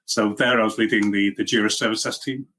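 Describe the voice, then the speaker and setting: A man's voice: lowish voice, steady tone, fast, sharp tone. A middle-aged man from Liverpool with a mixed Liverpool and Welsh accent, chatting as an interview guest, self-deprecating and full of fillers and restarts. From Liverpool, England. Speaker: guest, software engineering leader. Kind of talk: casual interview chat.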